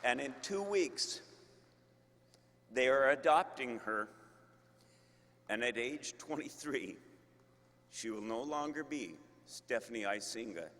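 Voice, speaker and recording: Male university leader, commencement address, unhurried, emphatic, long hall reverb. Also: medium pitch, expressive, fairly bright tone, slight background noise. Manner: slow, emphatic, with deliberate pauses. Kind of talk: commencement speech.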